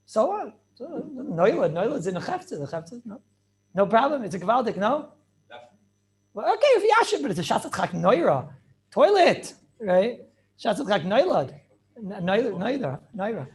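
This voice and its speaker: A man teaching an animated Torah class over a video call, firing questions and mixing in Hebrew and Yiddish terms. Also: sits high, moderate pace. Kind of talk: lively online Torah class.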